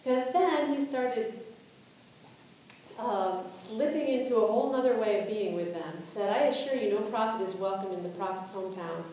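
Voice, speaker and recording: A woman's voice: medium pitch, normal speed, dark tone, slight background noise. A woman pastor giving a sermon, asking reflective questions and reading scripture aloud. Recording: echoey room, voice from a distance.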